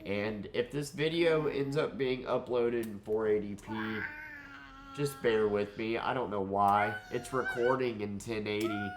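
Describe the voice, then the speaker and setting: Against a noisy background, a sick man with a lowish, congested, nasal voice talks at a measured pace through an informal movie review on his channel. He wanders candidly, restarting sentences and leaning on fillers.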